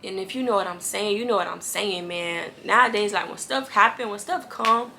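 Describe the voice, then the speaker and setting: A woman's voice: mid-range voice, moderate pace, gravelly, few pauses, pushed and bright, slight background noise. A woman giving an earnest, casual devotional talk to camera, encouraging viewers and repeating lines for emphasis. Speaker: Christian faith vlogger.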